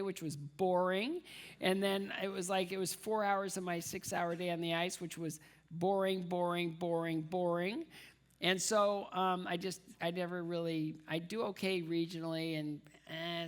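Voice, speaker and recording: A man's voice: high-pitched, a bit bright. A man giving a humorous personal storytelling speech as a guest speaker at a dinner, with comic timing, repeated words for effect, and acted-out voices of the people he quotes. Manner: acts out quoted voices of others.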